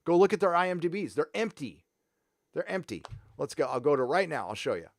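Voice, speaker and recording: A man's voice: on the high side, sing-song, brisk, gravelly, no room sound. A man hosting a casual livestream, talking bluntly and profanely in a loose, rambling way. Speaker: livestream host.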